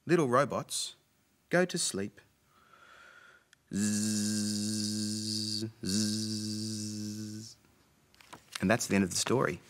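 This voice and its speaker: A man's voice: fairly low pitch, sing-song, brisk, creaky, breathy edge. A man presenting a children's show, reading a rhyming story and singing with playful robot beeps. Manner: playful, sing-song, beeping robot noises. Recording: loud music bed behind voice.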